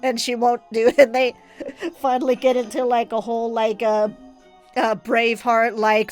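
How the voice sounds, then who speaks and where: Stuffed-up woman gamer chatting on stream, kinda high voice, giggles a lot, rambly stories. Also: level tone, fairly quick, faint music behind. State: stuffy nose. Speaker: game streamer. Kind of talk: casual live-stream chat.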